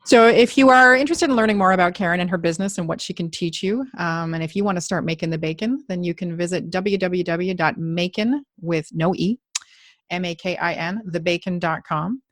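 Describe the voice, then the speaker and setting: A middle-aged woman hosts a podcast in a loose, joking way and swears now and then. Her voice sits a touch low for a woman. The sound is dry and close, with no room in it. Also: brisk, no room sound. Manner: chatty, jokey, swears casually. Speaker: podcast host. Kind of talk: casual interview chat.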